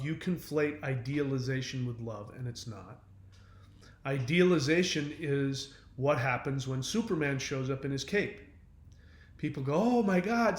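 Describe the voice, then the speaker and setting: A man's voice: fairly high pitch, echoey room. A man hosting his own channel, talking through relationship advice in a casual, earnest monologue full of fillers and restarts. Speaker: self-help channel host.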